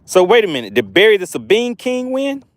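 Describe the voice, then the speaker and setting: A man with a fairly high voice hosts a fishing live stream while out fishing. He reads the chat aloud and bursts into frequent excited exclamations in a chatty, promotional manner. The recording is dry and close, with no room sound. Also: brisk, no room sound. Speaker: fishing livestream host.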